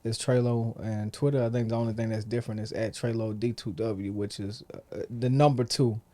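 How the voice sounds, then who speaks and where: A man, a rapper guest, joking and animated in casual talk. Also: fairly quick. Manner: animated, joking, trails off low. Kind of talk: casual interview chat.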